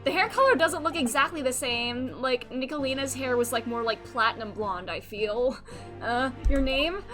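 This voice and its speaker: A woman streaming a video game, reacting in excitable casual commentary with swearing and laughing asides. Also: a little high, moderate pace. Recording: game music playing behind.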